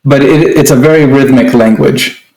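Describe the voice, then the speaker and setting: A man's voice: mid-range voice, moderate pace, a little mellow. A man co-hosting a casual conversation, explaining at length with frequent restarts. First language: English. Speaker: co-host. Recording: echoey room.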